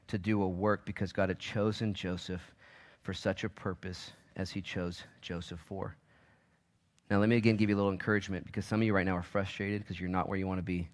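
A man in his forties from Oregon, a pastor preaching a sermon in a church. He swings between loud urgency and hushed asides, with quick restarts. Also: lowish voice. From Oregon, United States.

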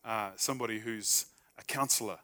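A man's voice: fairly low pitch, brisk, pushed and bright. A man preaching a sermon in a conversational, humorous way, acting out short everyday dialogues. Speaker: pastor.

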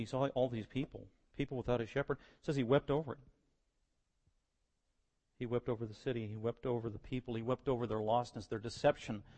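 A man preaching a sermon, moving between quiet verse-by-verse teaching and loud, impassioned stretches. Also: medium pitch.

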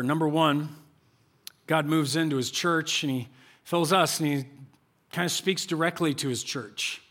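High-voiced pastor preaching animatedly. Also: male voice. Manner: animated, with repeated phrases and rhetorical questions. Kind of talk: conversational sermon. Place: church.

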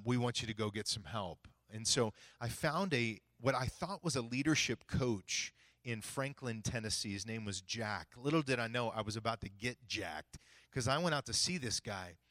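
A middle-aged male pastor preaching a sermon, telling a personal story and acting out both sides of a conversation with big swings in pitch and volume. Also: no echo. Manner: animated, acts out dialogue with big jumps in pitch and volume.

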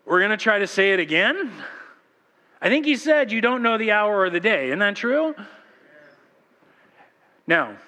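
A man's voice: high-pitched, measured pace, pauses often, in a large hall. A man preaching a sermon as pastor, telling stories animatedly and acting out voices. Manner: animated storytelling, acts out voices. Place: church sanctuary.

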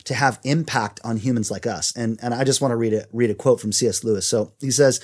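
A man's voice: mid-range voice, fast, few pauses, a little mellow. A man co-hosting a Christian podcast, talking earnestly and reading quotes aloud. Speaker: podcast co-host. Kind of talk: faith podcast conversation.

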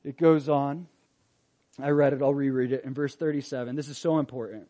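A male pastor preaching a sermon in an animated, emphatic way, swinging from loud to soft. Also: medium pitch, a little fast, highs cut off.

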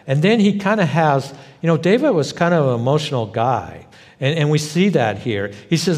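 A man's voice: on the high side, animated, moderate pace, long reverb tail. A man pastor preaching a sermon in a conversational way, rising into emphatic bursts. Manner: conversational, emphatic bursts, frequent "you know".

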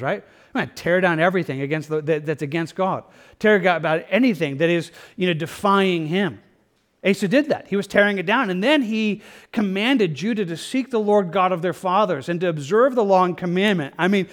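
High-voiced man preaching a sermon. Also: fairly bright tone. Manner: conversational, earnest, with restarts and "like" asides. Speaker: pastor.

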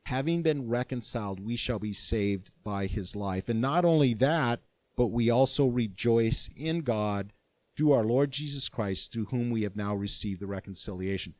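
Older man, pastor, sermon, earnest, animated, restarts, mid-pitched voice, dry close sound. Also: normal speed, no room sound.

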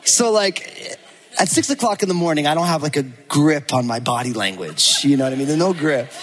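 A man who is a pastor, preaching a sermon and telling a personal story in a lively, animated way, acting out the lines of people in it. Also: fairly high pitch, a little fast, long reverb tail, a faint crowd. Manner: animated storytelling, acts out quotes. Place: church.

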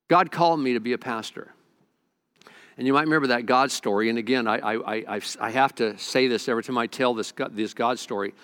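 A man's voice: medium pitch, fairly bright tone, smooth. A middle-aged male pastor preaching a sermon, telling a personal story earnestly, with frequent stammered restarts.

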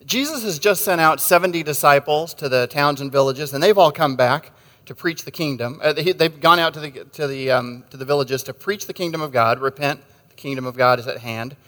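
A man with a somewhat high voice preaches a sermon in an easy, joking way. He tells stories and drops wry asides. His voice rings on in the long reverb of a church hall. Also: a little fast, pushed and bright. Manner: conversational and wry, with asides and jokes. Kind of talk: sermon with storytelling.

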